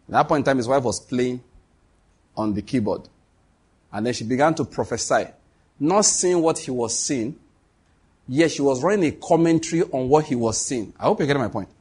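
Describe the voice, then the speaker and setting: A man's voice: mid-range voice, darkish tone, breathy edge. A man preaching a sermon, telling a story and acting out the dialogue between God and the prophets.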